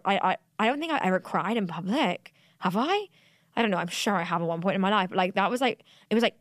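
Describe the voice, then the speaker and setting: Brief: woman, 20s, mid-pitched, confessional podcast host, lots of fillers and restarts. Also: no echo, studio quality. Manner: rambling, candid, full of fillers and restarts. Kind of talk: solo confessional podcast monologue.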